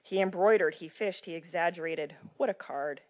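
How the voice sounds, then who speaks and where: Woman lecturer, low-ish voice, expressive reader, then relaxed talk with many ums. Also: normal speed, lo-fi sound. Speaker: medical ethics lecturer. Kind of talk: lecture with a dramatic reading.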